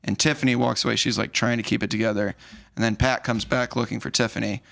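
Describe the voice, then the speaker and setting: A man hosting a podcast, retelling a romance film in an animated, openly sentimental way. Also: medium pitch, fast talker, gravelly. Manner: animated storyteller, acts out movie lines. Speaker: podcast host. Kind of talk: casual movie recap chat.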